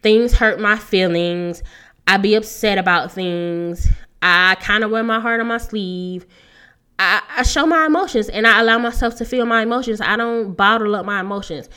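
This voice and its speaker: A woman's voice: mid-range voice, moderate pace, sharp tone, smooth. A thirty-year-old woman hosting a solo podcast, talking in a casual, earnest way and laughing often. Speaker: podcast host.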